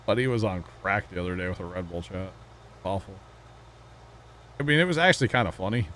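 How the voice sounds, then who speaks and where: A man with a low, deep voice hosting a gaming stream. He rambles chattily, addressing his chat and his co-host in loose, easygoing talk, with faint background noise under the audio. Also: a bit bright. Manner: rambling, chatty, talks to chat, laughs often. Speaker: livestream host. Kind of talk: casual chat while gaming.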